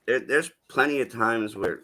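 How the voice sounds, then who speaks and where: A man's voice: medium pitch, normal speed, pushed and bright. A man from New England with a Southern-tinged accent, chatting casually on a live stream panel, rambling and swearing with easy laughs. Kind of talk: casual chat.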